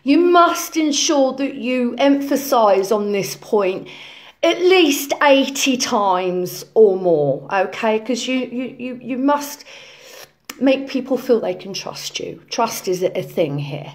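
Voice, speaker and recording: A woman's voice: a little high, lively intonation, slow pace. A woman playing a self-important conspiracy influencer in a comedy parody lesson, preaching in a rambling way full of ums and repeated phrases. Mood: preachy. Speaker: lecturing influencer character.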